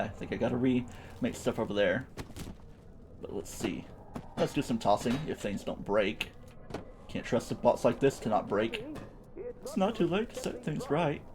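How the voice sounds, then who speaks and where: A man's voice: medium pitch, moderate pace, gravelly, pauses often. A young man streaming a game, giving playful, chatty commentary with silly sound words. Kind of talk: gameplay commentary.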